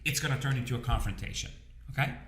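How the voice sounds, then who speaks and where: Speaking quickly at medium pitch, this man has a slightly bright voice in a reverberant room. He coaches business owners in a relaxed talk to camera, repeating himself and checking in with listeners through "okay?" and "you understand?"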